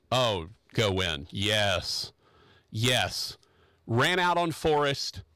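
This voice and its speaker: A man's voice: medium pitch, a bit bright, dry recording. A man hosting a radio talk show from the studio, riffing on a topic in a rambling, joking, opinionated way with plenty of restarts. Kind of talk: casual opinionated radio chat.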